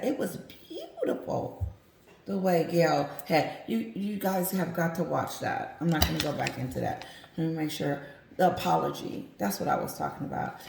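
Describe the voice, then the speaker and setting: A woman's voice: on the low side, vocal fry, darkish tone, a little hiss or hum. A woman giving casual commentary, emphatic and repetitive, talking straight to her viewers. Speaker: commentary vlogger. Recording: roomy echo.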